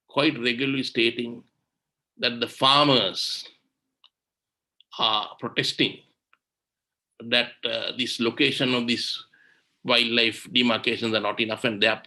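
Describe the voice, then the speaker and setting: Over a video call, a Sri Lankan man gives an impassioned webinar talk on environmental law, indignant and full of rhetorical questions. His voice is medium-pitched, pushed and bright.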